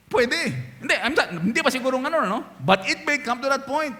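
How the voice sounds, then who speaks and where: A man's voice: extremely high pitch, brisk, few pauses. A male pastor with a Filipino accent preaches a sermon, switching between English and Tagalog and often asking the congregation questions. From Philippines. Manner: animated, asks the crowd questions.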